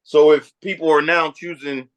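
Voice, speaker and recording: A man with a somewhat high voice gives his thoughts on the panel in a calm, measured way. He builds his points slowly. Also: muffled recording. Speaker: panel guest. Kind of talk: casual online panel chat.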